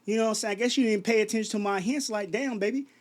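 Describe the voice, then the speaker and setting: A man in his 30s races through a late-night rant to camera in a high voice. He's a Chicago vlogger who trips over restarts and peppers his viewers with rhetorical questions.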